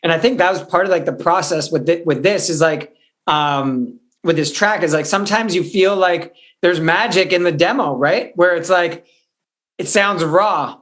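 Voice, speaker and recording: A man's voice: a little high, normal speed, a bit bright. A man, a hip-hop artist, talking as a guest in a casual interview, loose and searching, full of "like"s and restarts.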